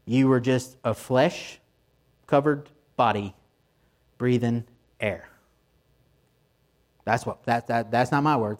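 A male pastor delivering a Sunday morning sermon, excited and emphatic, repeating phrases for emphasis. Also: medium pitch, slow pace, pauses often. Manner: excited preaching with repetitions and rising emphasis.

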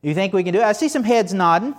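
A man's voice: high voice, expressive, rapid-fire. Man preaching a chatty, joking sermon. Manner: conversational and joking, with many rhetorical questions to the congregation. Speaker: pastor. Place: church service with a congregation.

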